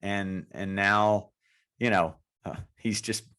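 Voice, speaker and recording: Man, lowish voice, enthusiastic, rambling podcast co-host. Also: fairly even intonation, takes it slowly, bright, forceful tone, clear, resonant tone. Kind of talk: casual podcast chat.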